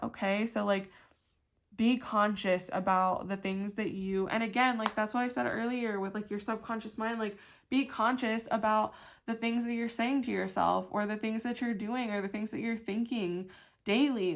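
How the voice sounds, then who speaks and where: A woman's voice: mid-range voice, gravelly. A young woman giving a casual pick-a-card tarot reading, chatty and emphatic, full of "like" and casual swearing.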